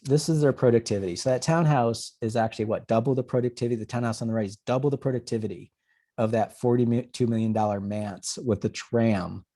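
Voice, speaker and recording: Warm-voiced man telling animated stories. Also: medium pitch, fast. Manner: animated storyteller who acts out conversations. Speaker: urban planner giving a talk. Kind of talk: presentation webcast, data-driven storytelling.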